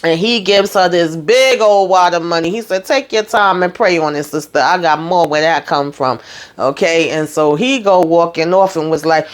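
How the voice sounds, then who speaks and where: A woman recapping a TV episode in a casual, animated way from a hot room at home. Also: on the low side, normal speed. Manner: chatty, animated, talks to viewers with "honey" and "okay". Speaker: TV recap host.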